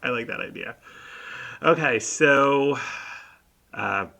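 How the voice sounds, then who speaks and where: Gravelly bright-toned man co-host. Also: mid-range voice, takes it slowly, poor audio. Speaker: podcast co-host. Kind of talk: casual chat recapping an episode. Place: home, on a video call.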